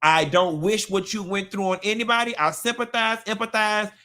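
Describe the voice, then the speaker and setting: A man hosting a live gossip talk show, sassy and animated, with sudden squealing jumps in pitch. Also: normal speed. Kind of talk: live-stream gossip commentary.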